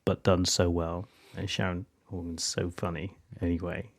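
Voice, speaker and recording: A man's voice: low voice, little pitch movement, moderate pace. A man co-hosting a podcast in casual chat, enthusiastic and full of fillers. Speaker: podcast co-host.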